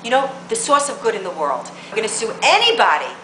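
A woman's voice: on the high side, big pitch swings, quick pace, fairly bright tone, roomy sound, slight background noise, poor audio. A woman political blogger delivering a combative rant to camera, full of emphatic rhetorical questions.

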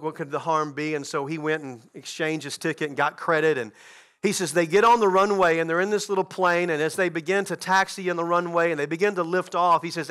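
A man preaching a sermon as a guest pastor, telling a story in an animated way with frequent restarts. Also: a little high.

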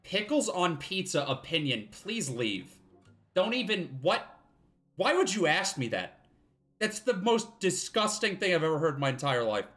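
Casual live streamer, wry and profane, animated delivery over faint game music. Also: medium pitch, normal speed. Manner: wry, rambling, profane asides. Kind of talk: casual live-stream commentary while gaming.

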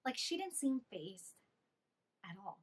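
Young female vlogger, somewhat high voice, lively exasperated storyteller. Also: slow pace, slightly rough. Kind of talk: storytime vlog.

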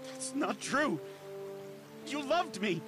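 An actor voicing an obsessive male lion villain in an animated series, with pleading, possessive speech. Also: very high-pitched, slow, full character voice. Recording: animated clip with loud music.

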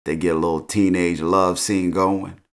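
A middle-aged man recaps a TV episode in slangy, laid-back talk, laughing at his own jokes as a show recap host. His voice sits low with little pitch movement at a normal speed.

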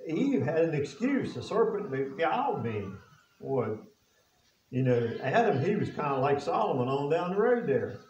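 A male pastor with a fairly high voice preaches a sermon, firing rhetorical questions at his listeners and reading scripture aloud in old biblical wording. His talk is plain and folksy. The recording is echoey and dull, picked up from some way off. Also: very animated, moderate pace, darkish tone, a little hiss or hum. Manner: plain folksy speech with casual grammar. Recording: echoey, distant and dull-sounding.

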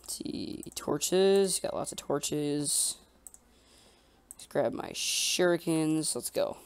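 A man giving casual let's-play commentary, excitable and talking to himself and the creatures in the game. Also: on the high side, slow pace, clean tone, no room sound. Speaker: gamer.

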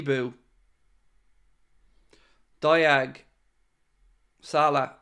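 A man's voice: fairly high pitch, measured pace, clear, resonant tone. A man hosting a live football watchalong, narrating the play and reacting with frequent swearing. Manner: swings from gloomy muttering to euphoric shouting, swears freely. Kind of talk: live match commentary and reaction.

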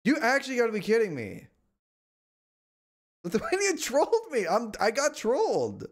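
A man streaming a strategy game, complaining in exasperated, whiny outbursts and sometimes shouting at the screen. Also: very high voice, wildly swooping pitch, normal speed. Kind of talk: live gameplay commentary.

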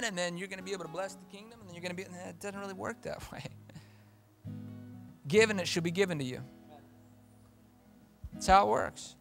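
A pastor preaching a sermon in church, emphatic and repetitive, swinging from loud declarations to hushed asides. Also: male voice, high voice.

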